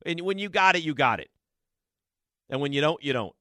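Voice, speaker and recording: A sports radio host hammers his point home with repeated rhetorical questions. His voice sits a little high and sounds bright and forceful. The studio sound is dry and close. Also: animated, a little fast, dry recording. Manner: emphatic, repetitive rhetorical questions. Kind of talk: sports talk radio rant. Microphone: studio microphone.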